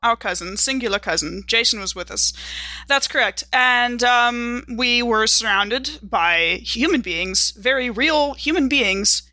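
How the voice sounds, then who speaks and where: A woman with a bright, forceful voice speaks in character at a tabletop horror game. She talks formally and stops often to hesitate. Her voice sits a little high, and the close mic sounds dry. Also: lively intonation, measured pace, dry recording. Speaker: player. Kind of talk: in-character tabletop role-play.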